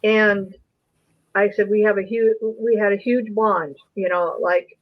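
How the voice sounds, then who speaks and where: A woman's voice: medium pitch, fairly even intonation, measured pace. Earnest woman guest, lo-fi sound. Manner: earnest, emotional recounting. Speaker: guest, UFO investigator. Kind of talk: personal storytelling.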